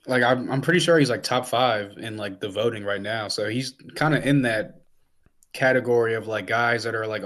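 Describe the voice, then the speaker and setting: A man's voice: fairly low pitch, a bit bright. A man co-hosting a sports podcast who talks in casual chat, rambling with lots of "like"s and "um"s. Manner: rambling, many "like"s and fillers. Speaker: podcast co-host.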